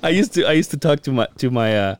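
A man's voice: medium pitch, lively intonation, quick pace, slight background noise. A man co-hosting a podcast in casual chat, telling stories animatedly, laughing often and swearing freely. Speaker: podcast co-host.

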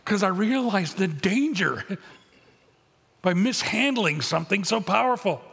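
Husky pastor preaching in a reverberant church. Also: male voice, sits high, animated, a little slow, a bit bright. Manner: blunt, conversational preaching with humor. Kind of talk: sermon. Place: church auditorium. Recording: long hall reverb.

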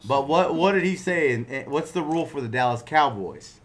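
A man's voice: on the high side, animated, brisk. A man hosting a casual talk among friends, loose, joking and profane. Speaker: podcast host. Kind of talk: casual chat.

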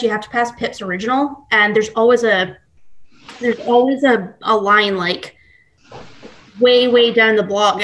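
A woman's voice: fairly high pitch, a bit bright. A young woman talks casually as a podcast guest, rambling through her thoughts with plenty of fillers and restarts. Her talk is loose and conversational. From Scotland, raised in Texas. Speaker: guest baker. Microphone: computer mic at home.

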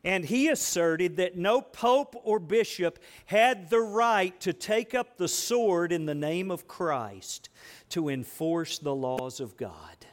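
A man's voice: high voice, lively intonation, slow. A middle-aged man preaching a sermon in a church, asking his listeners rhetorical questions. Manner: asks the audience rhetorical questions. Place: church building.

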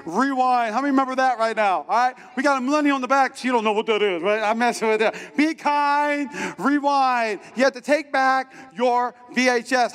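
Joking high-voiced male pastor. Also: a bit bright. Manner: joking, asks the crowd questions. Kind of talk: playful sermon to a congregation.

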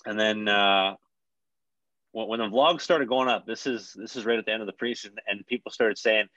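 A man's voice: on the low side, moderate pace, no echo, lo-fi sound. A young man, a hockey player, telling a story in a casual podcast chat, rambling and acting out what people said. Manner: rambling, animated, acts out quotes.

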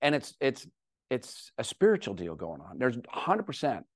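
A middle-aged man giving a talk to an audience, telling a personal story with animated, self-deprecating humor. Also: medium pitch, normal speed, breathy edge, dry recording, studio quality. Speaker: guest speaker.

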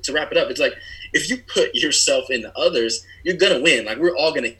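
A man's voice: on the high side, a little fast, bright, forceful tone, rough recording. A man in his thirties, a former player, speaking earnestly and reflectively as a guest. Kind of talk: casual interview.

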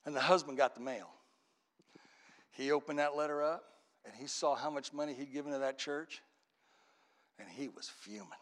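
A man with a high-pitched voice preaches a sermon, telling a story dramatically as his delivery swings between hushed tones and shouting.

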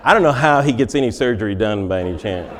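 A man's voice: fairly low pitch, expressive, quick pace. A male comedian giving a wry comic lecture in a large forum, interviewing himself and laughing at his own jokes.

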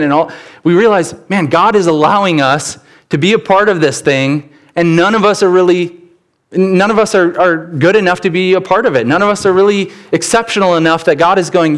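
A man preaching a church sermon, telling stories with sudden bursts of animation. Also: moderate pace. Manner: animated storytelling with sudden rises in pitch. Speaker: pastor.

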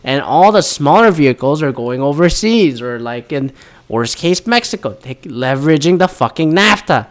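A man's voice: on the high side, expressive, normal speed. A man in a casual, rambling monologue, profane and sarcastic, a little tired as he winds down from caffeine. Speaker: vlogger.

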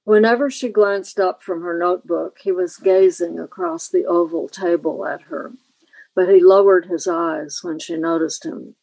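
A woman novelist from Kentucky, a guest reading slowly and deliberately from her own book. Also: lowish voice, steady tone, vocal fry, darkish tone, no room sound, rough recording.

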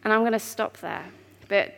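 A woman giving an earnest, heartfelt sermon in a church, with pauses. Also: mid-range voice, fairly even intonation, creaky. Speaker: preacher. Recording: long reverb of a church hall.

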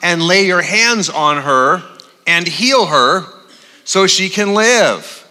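A man voicing a desperate father who slowly and earnestly pleads for his dying daughter. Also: high voice, lively intonation, pushed and bright, full character voice. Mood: pleading. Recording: long reverb of a large hall.

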